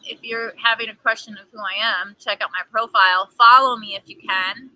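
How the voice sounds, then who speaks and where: A woman's voice: fairly high pitch, steady tone, a little fast, few pauses, bright, forceful tone, poor audio. A young woman who acts, chatting casually on a live stream and reading aloud outdoors by a pool, with many "like" fillers. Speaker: actor and live-stream host.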